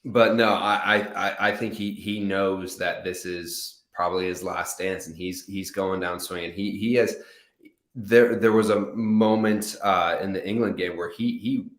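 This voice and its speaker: A man's voice: deep voice, steady tone, a little slow, a bit bright, reverberant. A man from the United States co-hosting a soccer show, chatting casually and often repeating words as he starts sentences. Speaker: podcast co-host. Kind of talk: sports analysis chat.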